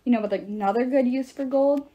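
A woman's voice: high voice, a little fast, lo-fi sound. A woman voicing a teenage boy hero, urgent and defiant.

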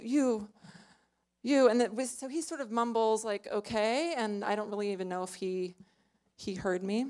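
A woman's voice: medium pitch, clean tone. A young woman telling a true story on stage in a small club, chatty and self-mocking, full of "like" and "you know.".

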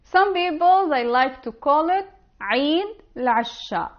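A woman teaching an online language lesson, spelling out words slowly and carefully. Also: sits high, lively intonation, highs cut off. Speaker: Arabic teacher.

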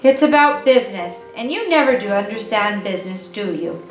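A woman voicing a gentle, worried mother in a read-aloud storybook, soft and tender. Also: mid-range voice, animated, normal speed, close to an everyday voice. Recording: echoey room, distant mic, faint music.

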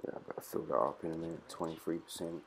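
A man's voice: a bass voice, steady tone, quick pace, background noise. A man from Britain hosting a let's play, swearing and trash-talking his enemies as he plays. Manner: profane, rowdy trash talk. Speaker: gaming channel host.

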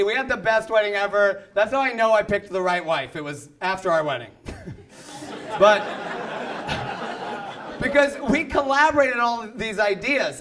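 A man doing a stand-up set in a comedy club, animated, acting out the people in his stories. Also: high-pitched. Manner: animated, acts out voices. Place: comedy club, half full. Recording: live club with audience laughter.

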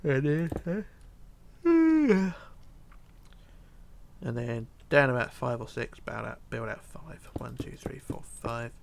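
A tired man narrating a building tutorial, counting quietly under his breath as he works. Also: medium pitch, slow, gravelly, pauses often, a little hiss or hum. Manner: relaxed, counting blocks under his breath, drops to near whisper. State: tired, yawning. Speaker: tutorial host. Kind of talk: casual game tutorial narration.

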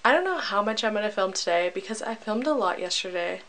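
A woman's voice: medium pitch, animated, fast, a bit bright, low-quality recording. A young woman talking casually to her camera on a trip, frank and laughing often, a little out of breath after a hike. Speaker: travel vlogger. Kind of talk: casual travel vlog. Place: outdoors in a national park.

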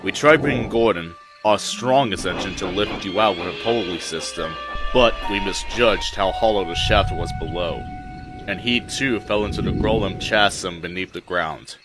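A man voicing a stout older male railway boss who speaks gravely and deliberately. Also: low-pitched, natural voice. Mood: solemn. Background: music.

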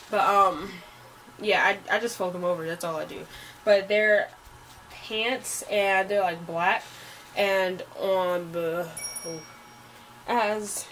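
A woman's voice: medium pitch, fairly bright tone, a little hiss or hum. Rambling young woman showing off a haul. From United States. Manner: rambling, says "like" a lot. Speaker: haul vlogger. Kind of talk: casual haul vlog.

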